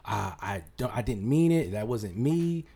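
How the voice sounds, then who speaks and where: A man's voice: on the low side, lively intonation, a little slow, creaky, dark tone, husky. A man co-hosting a podcast, telling a personal story in casual chat with friends. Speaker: podcast co-host.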